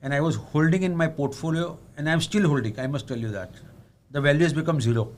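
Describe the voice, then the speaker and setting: Indian man lecturing, higher pitched. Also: fast, a little hiss or hum. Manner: earnest, asks "am I right?" often; switches between English and Hindi. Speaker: investment speaker. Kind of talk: seminar talk on investing.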